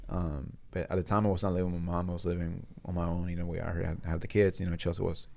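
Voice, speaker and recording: Male interview guest, low gravelly voice, earnest and halting, restarts sentences often. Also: flat delivery, darkish tone, a little hiss or hum. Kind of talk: personal storytelling in a studio interview. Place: studio.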